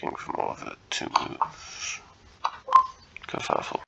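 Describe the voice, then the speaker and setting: A man's voice: measured pace, pushed and bright, in a whisper, rough recording. A man giving casual think-aloud commentary while solving puzzles, muttering to himself, hesitant and self-correcting. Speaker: chess content creator.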